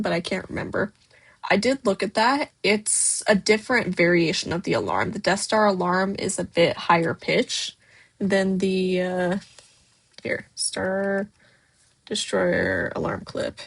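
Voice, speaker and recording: A woman's voice: mid-range voice, big pitch swings, a little slow, slightly rough. A woman hosting a casual livestream, reading chat messages aloud and answering them in a loose way, with many fillers. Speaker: stop-motion creator hosting a livestream.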